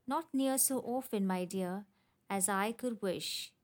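Woman reading as a fretful elderly gentleman. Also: mid-range voice, slow, lightly acted. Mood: plaintive.

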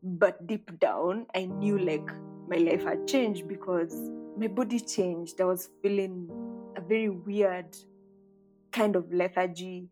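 Guest, woman, 30s, reflective and conversational, lower voice; guitar bed underneath. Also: steady tone, slow, low-quality recording. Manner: reflective, conversational, lots of fillers. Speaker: interview guest. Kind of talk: candid personal storytelling.

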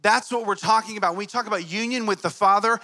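A man's voice: high voice, fast talker, pushed and bright. A man, likely a father in his thirties, preaching a conversational sermon to his congregation and weaving in stories about his young children. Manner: conversational, tells family stories. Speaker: pastor.

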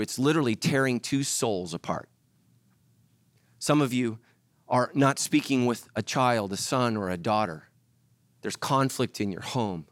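A middle-aged male pastor preaching a sermon, telling stories and acting out voices with lively energy. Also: mid-range voice, dry recording. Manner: animated storytelling, acts out voices.

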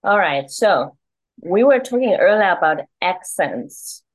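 A woman's voice: on the low side, lively intonation, unhurried, low-quality recording. A South African woman hosting an interview, asking questions with brief, encouraging prompts. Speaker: podcast host.

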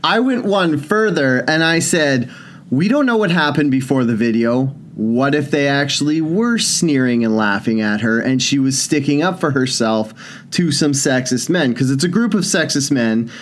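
Young dude co-hosting a podcast, mid-pitch, rambles a lot, restarts sentences. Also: male voice, animated, moderate pace. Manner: rambling storyteller, restarts and likes. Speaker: podcast co-host. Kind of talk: casual banter podcast.

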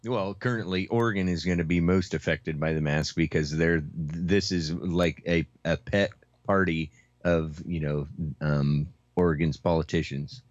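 Very deep, slow-talking man. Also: steady tone, no echo. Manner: frequent backchannel mm-hmms, slow and measured. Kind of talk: casual round-table discussion. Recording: dry, dull lo-fi sound.

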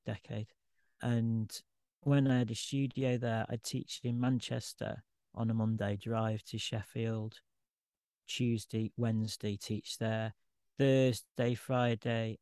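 Gravelly-voiced man, candid and rambling. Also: mid-range voice, a little mellow, no room sound, clean studio sound. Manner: candid, rambling, self-deprecating. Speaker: guest artist. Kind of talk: informal podcast conversation.

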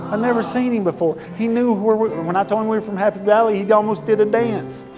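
A middle-aged man preaches in a folksy, storytelling way that swells into fervent emphasis. His voice sits a bit high for a man. The sound carries a long church reverb over clear instrumental music. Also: steady tone, fast talker. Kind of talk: sermon storytelling to a congregation. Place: church sanctuary.

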